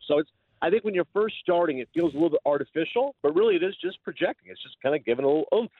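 A man's voice: fairly high pitch, rapid-fire, breathy edge, no echo. A male sports broadcaster calling in to a radio show, telling stories with lots of laughs. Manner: animated storyteller, laughs often. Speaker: hockey broadcaster and guest. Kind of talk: phone-in radio interview. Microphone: phone line. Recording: phone-line audio.

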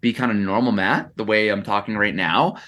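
This young adult man, a content creator guesting on a podcast, has a fairly low, fairly bright voice with a steady tone, speaking a little fast. He reflects casually in bursts, leaning on fillers like "like" and frequently restarting.

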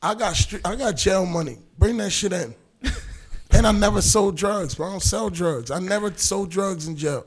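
A man tells his story with loud, profane energy, jumping into the voices of everyone involved. His voice sits a touch high and is husky and breathy. He sounds like a guest holding the floor on a casual podcast. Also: moderate pace. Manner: animated, profane, acts out quotes.

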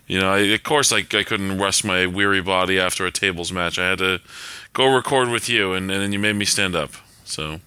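A man's voice: deep voice, a little fast, sharp tone, clear, resonant tone, dry recording. A man co-hosting a podcast, chatting casually with dry jokes and frequent laughs. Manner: dry joking, laughs often. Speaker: podcast co-host.

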